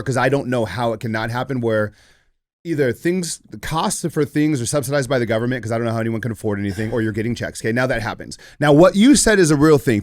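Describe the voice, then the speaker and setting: This is a man in relaxed podcast conversation, with a middle-range voice. He talks bluntly and candidly, swears freely and often restarts his sentences as he thinks aloud. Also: medium pitch. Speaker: podcast host.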